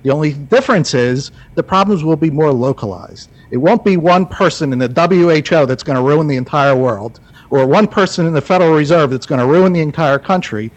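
A man's voice: on the high side, brisk, rough recording. A man speaking as a guest, making an earnest, emphatic case. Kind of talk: advocacy talk.

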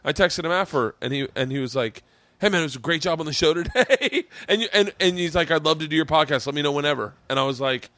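A comedian hosting a podcast, talking in a rambling, halting, profane way. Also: male voice, on the high side, animated, a bit bright, dry recording. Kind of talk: casual podcast chat.

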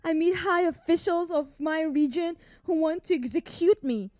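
A woman's voice: extremely high pitch, normal speed, a little mellow, no echo, clean studio sound. A woman playing a young woman imprisoned and accused of witchcraft, pleading and insisting on her innocence in an audio drama. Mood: anguished. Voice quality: tearful, pleading.

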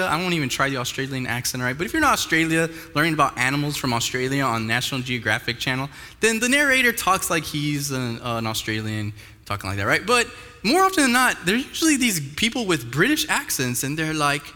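A man's voice: a little high, sharp tone. A man preaching a sermon to a live audience, casual and talking straight to the crowd with frequent questions. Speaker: pastor. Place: large room with a live audience. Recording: echoey hall.

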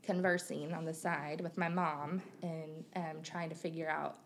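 A woman in her thirties from Missouri talks openly as a podcast guest. Her voice sits low, with a gravelly fry running through it, and she pauses often on fillers as she reflects. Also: little pitch movement, a little hiss or hum. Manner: open and reflective, with frequent fillers. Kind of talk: candid conversational interview.

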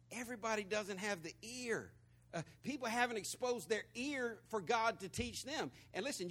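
A man's voice: sits high, a bit bright. A man from Florida with a Southern twang, preaching a conversational sermon in a folksy, storytelling way full of repeated words. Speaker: pastor.

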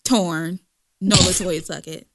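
A woman's voice: lowish voice, steady tone, takes it slowly. A woman co-hosting a casual gossip podcast, slangy and dramatic, laughing often. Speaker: podcast co-host.

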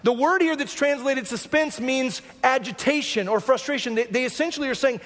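A man preaches a sermon in a relaxed, conversational teaching style, often checking in with the congregation. His voice sits very high for a man. The sound carries the long reverb of a large church sanctuary. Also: fairly quick, few pauses. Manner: conversational teaching, frequent "right?" asides. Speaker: pastor.

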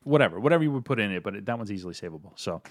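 Fast-talking low-voiced man, dry close sound. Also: lively intonation, dry recording. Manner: rambling, self-correcting, profane. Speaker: co-host. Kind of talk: casual tasting chat.

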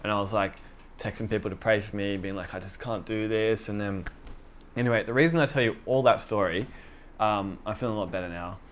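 Young male preacher, lowish voice, loose conversational storytelling, faint room noise behind. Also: fast talker. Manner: conversational, self-deprecating, lots of fillers, quoting himself. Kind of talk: casual sermon storytelling.

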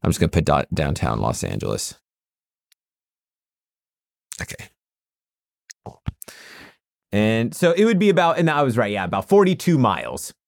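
A young man co-hosting a podcast in a casual chat, rambling and halting with lots of "uh" fillers. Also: on the low side, wildly swooping pitch, vocal fry, no room sound, clean studio sound. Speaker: podcast co-host.

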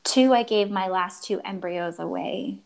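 A woman's voice: mid-range voice, measured pace, vocal fry, rough recording. Earnest woman telling a personal story. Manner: earnest, acts out quoted dialogue, frequent restarts. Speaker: guest telling her story.

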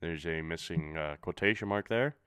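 A man's voice: low-pitched, normal speed, fairly bright tone, clean tone, dry recording, clean studio sound. A man reading fan fiction aloud, breaking off for sarcastic, swearing asides. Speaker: reader.

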